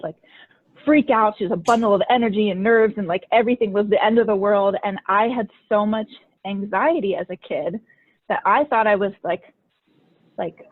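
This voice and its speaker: Chatty woman host on a tinny line. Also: medium pitch. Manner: chatty, frequent "like" fillers. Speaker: podcast host and coach. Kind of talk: casual conversational storytelling.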